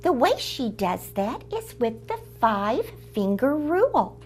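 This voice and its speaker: A woman hosting a children's book club, telling stories to young listeners in an expressive, sing-song way and sometimes dropping to a whisper. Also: a little high, unhurried, breathy edge. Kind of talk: storytelling to children.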